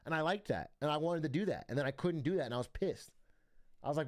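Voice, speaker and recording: Animated, profane young male streamer. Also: fairly high pitch, quick pace. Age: young adult. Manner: rambling, profane, laughs often. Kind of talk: casual stream chat.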